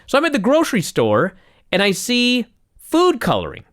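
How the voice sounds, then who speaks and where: A man co-hosting a casual wrestling recap podcast, sarcastic and animated as he tells a long story. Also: extremely high pitch, normal speed, dry recording, studio quality. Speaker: podcast co-host.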